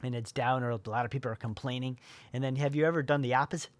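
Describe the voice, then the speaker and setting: A man in his forties or older talks as a motivational life coach, his voice sitting at an ordinary middle pitch. He rambles through his points with plenty of fillers and restarts. The sound is dry and close, with no room around it. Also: steady tone, rapid-fire, no room sound. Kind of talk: motivational talk.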